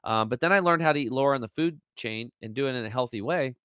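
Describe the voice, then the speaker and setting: Appearing as an interview guest over a video call, a man with a mid-range, slightly bright, smooth voice talks fast, and his sound is dry and close. He tells his story emotionally, acting out what people said and leaning heavily on fillers and restarts.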